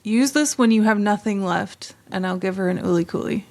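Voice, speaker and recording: A woman playing a tabletop role-playing game. She talks in a playful way, tossing out quick asides in a medium-pitched voice. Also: creaky, darkish tone. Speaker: player.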